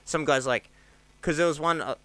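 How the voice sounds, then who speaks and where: Australian comic, 30s, rambling and animated, crisp sound, dry close mic. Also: male voice, normal speed, dry recording. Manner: rambling, animated, acts out quotes with jumps in pitch. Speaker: stand-up comedian, podcast guest. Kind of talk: casual storytelling chat.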